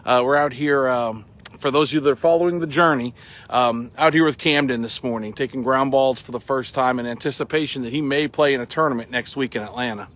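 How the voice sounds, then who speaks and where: Middle-aged guy from massachusetts, out of breath, chatty live morning stream, average pitch. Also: fairly bright tone. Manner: upbeat, chatty, many ums and uhs. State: sweating and out of breath. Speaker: real estate broker hosting a morning show. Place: outdoors at a baseball field.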